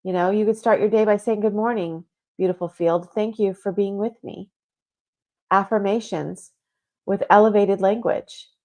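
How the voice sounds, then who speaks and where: A woman's voice: mid-range voice, fairly even intonation, normal speed, dark tone. Chatty woman hosting a spiritual talk show. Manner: chatty, reads listener comments aloud, many fillers. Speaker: podcast host.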